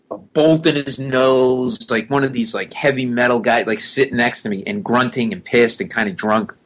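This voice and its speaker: A middle-aged man telling a long story in a casual interview. He acts out the people he describes. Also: medium pitch. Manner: animated storyteller who acts out the people in his stories. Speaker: guest.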